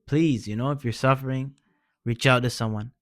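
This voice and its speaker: A man in a mid-pitched voice talks straight to the listener in an easygoing, earnest way, full of slang and encouragement. His voice is recorded dry and close, with no room sound around it. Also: fairly even intonation, normal speed, dry recording. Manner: informal, peppers speech with "man" and "bro". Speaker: vlogger sharing personal experience. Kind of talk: casual heartfelt advice talk.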